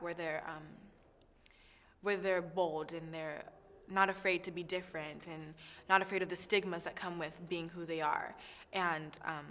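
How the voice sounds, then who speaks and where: Young female contestant, bright and forceful tone, gushing interview chat, long reverb behind her. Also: on the low side. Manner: chatty and excitable, with many fillers. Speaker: singing contestant. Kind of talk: backstage interview.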